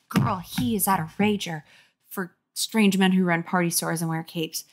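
A woman with a sore throat and a lowish voice reads a children's horror book aloud at normal speed. She keeps interrupting with sarcastic, mocking asides, making it a comedic reading with commentary.

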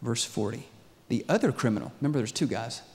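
A male pastor preaching a sermon, animated, often asking the congregation questions. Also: medium pitch, quick pace, vocal fry, long reverb tail. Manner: animated, asks the crowd questions.

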